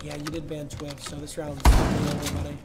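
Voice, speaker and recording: A man's voice: on the high side, monotone, normal speed. A young man streaming a shooter game, teasing and trash-talking his opponent with plenty of swearing. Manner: cocky, teasing, swears a lot. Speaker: gaming streamer. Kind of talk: trash-talking gameplay chat.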